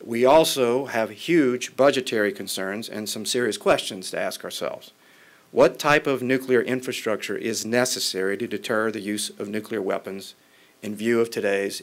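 A man who is a member of Congress, giving a formal policy speech in a measured way with occasional restarts. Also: on the low side.

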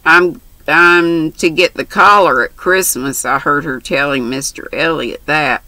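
A woman's voice: low voice, measured pace, sharp tone, no echo, rough recording. A woman voicing a brash, chatty country orphan girl who talks in bossy, boastful slang.

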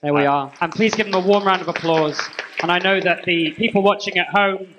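A man co-hosting a live conference roundup, joking in a deadpan way. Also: high-pitched, fairly quick, background noise. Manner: playful, deadpan jokes. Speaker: co-host.

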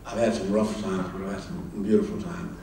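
Low-voiced older man telling stories in an echoey hall. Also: level tone, warm tone. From Kansas. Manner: halting, repeats words, acts out the other people in his dialogue. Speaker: film director and author, guest speaker. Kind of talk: anecdotal storytelling on stage. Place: large hall at a public event. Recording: echoey hall, distant mic, faint noise.

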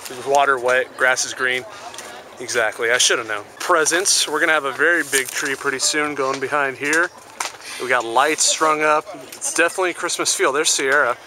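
A man vlogging casually outdoors at a softball field, chatting upbeat with teammates. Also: medium pitch, steady tone. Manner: upbeat, asks teammates quick questions. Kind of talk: casual vlog chat. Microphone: handheld camera. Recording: noisy outdoor camera audio.

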